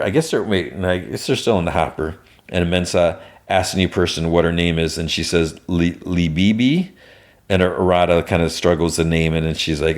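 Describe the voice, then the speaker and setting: A man with a very low, deep voice talks loosely through a TV episode recap. He restarts his sentences often and slips in quick quoted lines from the characters as he goes. He speaks in an unhurried, conversational way as a podcast host. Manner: rambling, many restarts, quotes characters in passing.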